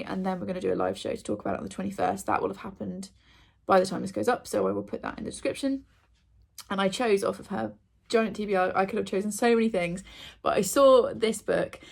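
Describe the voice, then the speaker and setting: A woman's voice: medium pitch, vocal fry. A young woman chatting casually through her monthly reading wrap-up, with frequent ums and likes. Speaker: book vlogger.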